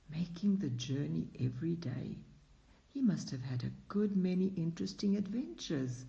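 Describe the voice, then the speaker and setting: A man reading a classic short story aloud as an audiobook narrator, unhurried, acting out the dialogue. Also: on the high side, animated, gravelly, mellow. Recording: dull lo-fi recording.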